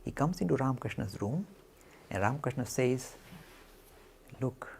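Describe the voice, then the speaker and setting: Lively gravelly man telling a story. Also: mid-range voice, fairly quick, a little hiss or hum. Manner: animated storyteller, acts out quotes. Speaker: lecturer. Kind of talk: storytelling spiritual talk.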